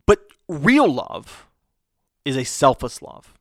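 A man's voice: mid-range voice, sing-song, fairly bright tone, no echo, studio quality. A man preaching a conversational sermon who often restarts his sentences and checks in with rhetorical questions. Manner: halting, frequent restarts, rhetorical "right?". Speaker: pastor.

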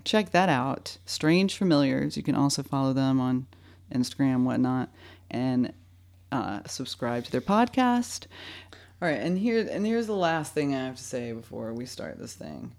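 A woman's voice: extremely low pitch, animated, measured pace, gravelly, a little mellow. A woman hosting a podcast, chatting casually, laughing often and rambling. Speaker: podcast host. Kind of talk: casual chat.

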